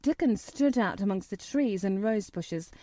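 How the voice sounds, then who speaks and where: A woman narrating an audiobook in a gentle, measured storytelling manner. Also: medium pitch, animated, dry recording. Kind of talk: audiobook reading.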